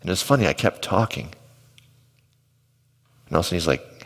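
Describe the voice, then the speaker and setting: Low-voiced pastor preaching in a reverberant hall. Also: male voice, animated, a little fast, long pauses, fairly bright tone. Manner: conversational storytelling with asides to the congregation. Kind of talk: sermon. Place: church auditorium.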